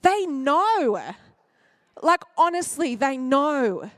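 Woman pastor, high voice, emotive sermon delivery, dry close sound. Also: sing-song, extremely slow, fairly bright tone, no echo. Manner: emotive, acts out quoted voices, drops to near-whisper at tender points.

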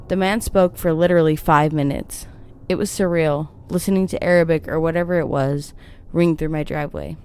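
A woman reads a scripted horror story in a steady, even storytelling voice. Her pitch sits on the low side for a woman. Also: clear, resonant tone.

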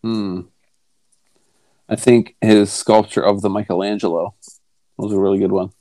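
A man's voice: fairly low pitch, little pitch movement, warm tone, no echo. Joking man quipping on a podcast. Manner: joking, quick quips. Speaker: podcast co-host, contestant. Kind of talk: casual podcast banter.

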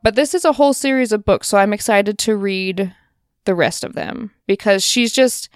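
A woman's voice: mid-range voice, normal speed, dry recording, studio quality. A woman co-hosting a casual podcast, chatting enthusiastically with lots of fillers. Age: adult parent. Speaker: podcast co-host. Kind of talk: casual chat.

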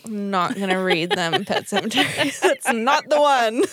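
A woman's voice: on the high side, lively intonation, moderate pace, a bit bright, no room sound, clean studio sound. A woman, co-hosting a podcast in casual chat, laughing often and swearing freely. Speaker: podcast co-host.

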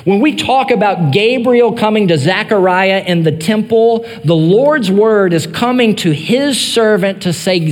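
High-voiced pastor preaching slowly in a reverberant church. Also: male voice. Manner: earnest preaching, swells then drops to soft emphasis. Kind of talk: sermon.

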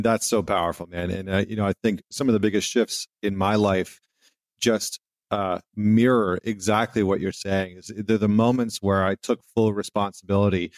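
A man's voice: lowish voice, fairly even intonation, normal speed, no room sound, studio quality. A man hosting a podcast interview, thinking aloud in a reflective way. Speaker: podcast host.

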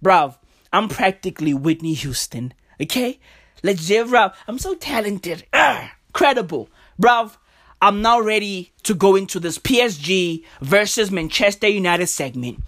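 A woman's voice: mid-range voice, lively intonation, a little slow, a bit bright. A woman hosting a podcast, ranting about football in a profane, stammering, overexcited way. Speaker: podcast host. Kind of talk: casual football rant.

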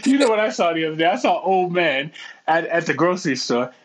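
Male podcast co-host, husky and slightly high, profane storyteller who acts out voices. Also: expressive, fast. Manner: profane, laughing, acts out voices in his stories. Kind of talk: casual storytelling chat.

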